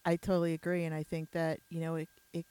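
A woman's voice: sits low, monotone, fast, mellow, clean tone, no echo. A woman hosting a podcast interview, chatty and casual, with many fillers and restarts. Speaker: podcast host.

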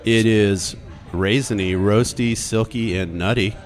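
A man's voice: fairly low pitch, unhurried. A man hosting a brewery podcast, guiding the talk in a casual, friendly way. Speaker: podcast host.

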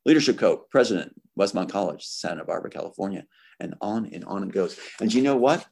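Husky, angry man. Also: fairly low pitch, expressive, fast talker, darkish tone. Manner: angry and emphatic, accusatory. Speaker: interview guest. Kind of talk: impassioned interview talk.

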